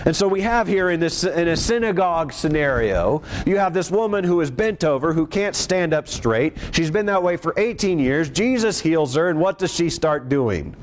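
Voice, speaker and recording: A man preaching a sermon, reading scripture aloud and explaining it with lively rises and drops in his voice. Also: a little high, normal speed, slight background noise.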